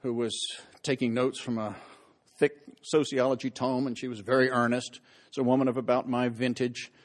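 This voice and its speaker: At a moderate pace, with a mid-range voice and level tone, the man continues his humorous public history talk. He pokes fun at himself and loudly voices the characters in his anecdotes.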